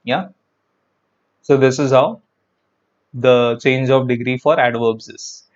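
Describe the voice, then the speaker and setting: This one's lo-fi: a man with a mid-range, steady voice takes his time explaining English grammar online. Chatty and prone to repeating words, he addresses viewers directly and answers what they've commented.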